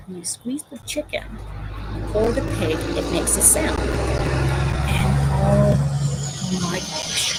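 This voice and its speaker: A woman hosting a casual crafting livestream, telling animated stories about her pet and reading out viewer comments. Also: medium pitch, a little hiss or hum, low-quality recording. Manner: chatty storytelling, animated. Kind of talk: casual chat.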